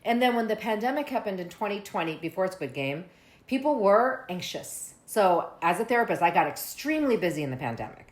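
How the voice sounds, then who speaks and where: A woman's voice: mid-range voice, brisk. Woman therapist talking in a roomy space. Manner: lively storyteller who acts out what people say. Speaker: family therapist and guest. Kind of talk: casual interview talk. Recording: roomy echo.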